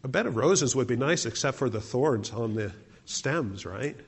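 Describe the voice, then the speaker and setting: A man's voice: medium pitch, animated, normal speed, gravelly, slightly rough. A male pastor preaching a sermon, asking the congregation rhetorical questions.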